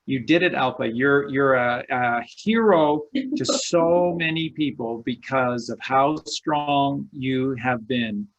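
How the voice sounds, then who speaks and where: Speaking slowly in a medium-pitched voice, barely pausing, this online show co-host comes through on a muffled recording. He sounds impassioned and preachy, returning again and again to words of encouragement.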